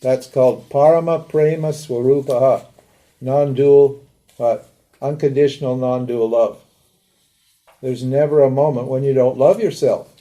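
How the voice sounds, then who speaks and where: A man's voice: medium pitch, fairly even intonation, unhurried, dark tone. An older man teaching a live lecture in a conversational way, asking rhetorical questions and acting out pleading prayers. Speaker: Vedanta teacher.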